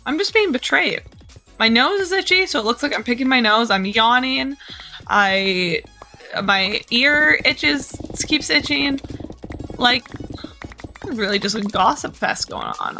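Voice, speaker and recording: Woman streamer, higher-pitched, chatty and self-mocking, with faint music underneath. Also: expressive, a little slow, pushed and bright. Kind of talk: casual gameplay chat.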